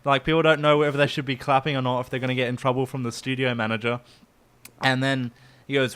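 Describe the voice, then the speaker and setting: A man's voice: mid-range voice, fairly even intonation, quick pace, a bit bright, clean tone. A man hosting a casual comedy podcast, telling rambling stories with frequent giggles. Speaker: podcast host.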